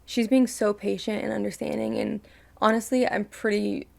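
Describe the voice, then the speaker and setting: A woman's voice: medium pitch, fairly even intonation, normal speed, vocal fry. A young woman hosting a reaction video, talking casually and emotionally, ranting and swearing freely.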